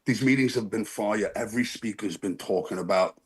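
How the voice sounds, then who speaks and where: Man, husky voice, phone video call, earnest rambling recovery share, apologetic. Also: on the low side, fairly quick. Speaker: recovery meeting member sharing. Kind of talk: casual heartfelt share.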